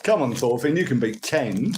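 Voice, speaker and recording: A man's voice: mid-range voice, expressive, normal speed, noisy background. Older Cockney man rambling on a livestream. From London. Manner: chatty, rambling, thanks viewers for gifts. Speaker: live streamer. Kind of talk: casual live-stream chat with viewers.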